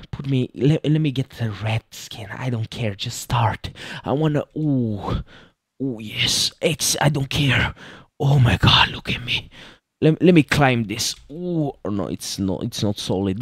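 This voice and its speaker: A man in the middle of his range narrates a game he adores, gasping, laughing and gushing as he plays. His voice swings from loud bursts to near-whispers. The sound is dry and close, with no room around it. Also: mid-range voice, expressive, normal speed, breathy edge, dry recording. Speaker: gaming youtuber. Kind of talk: excited let's-play commentary.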